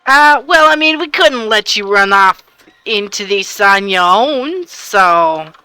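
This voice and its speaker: A woman's voice: mid-range voice, expressive, slow pace, pushed and bright, smooth, dry recording. A woman playing in a tabletop game, speaking in character in an easygoing, hedging way. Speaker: player.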